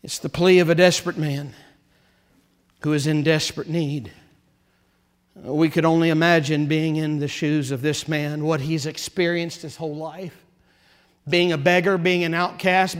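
A male pastor preaching a sermon, swinging between hushed, quiet passages and rising, impassioned build-ups. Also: a little high, in a large hall.

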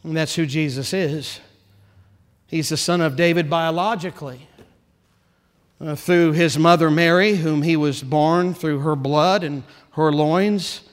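A male pastor preaching a sermon, swinging between hushed, quiet passages and rising, impassioned build-ups. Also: a little high, in a large hall.

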